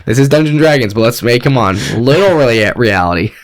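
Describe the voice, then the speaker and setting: A man's voice: medium pitch, animated, fast. A young man co-hosting a sports podcast, joking and laughing often as he chats. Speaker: podcast co-host. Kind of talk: casual chat.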